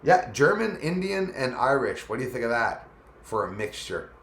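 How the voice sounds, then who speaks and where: A man's voice: mid-range voice, big pitch swings, normal speed, a bit bright. A man hosting a casual live stream, chatting loosely and greeting viewers by name as their comments come in. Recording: echoey room.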